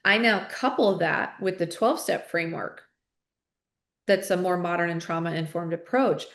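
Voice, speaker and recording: A woman with a lowish voice speaks at normal speed in a roomy-sounding space as a guest on a podcast interview. She is an author and coach, earnest and candid, frequently restarting sentences and repeating words as she thinks aloud.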